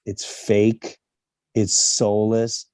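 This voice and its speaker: Middle-aged man with a dark, dry voice. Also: fairly low pitch, extremely slow, no echo. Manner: animated storytelling, acts out quoted voices. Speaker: comedian interview guest. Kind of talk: casual interview talk.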